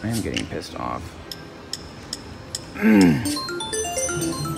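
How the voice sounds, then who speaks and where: Male slots vlogger, foul-mouthed and teasing, very animated voice, unhurried delivery. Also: a bass voice, creaky. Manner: profane, excitable, cursing at the machine; teasing, jokey asides. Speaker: slot machine gambling vlogger. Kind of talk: live commentary while playing slots. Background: loud slot machine music and chimes.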